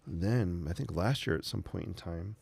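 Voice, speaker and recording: A man with a deep, gravelly voice hosts a relaxed art livestream. He rambles easily while painting and chats with the people watching. His speech is loose and unhurried. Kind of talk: casual sketching livestream chat.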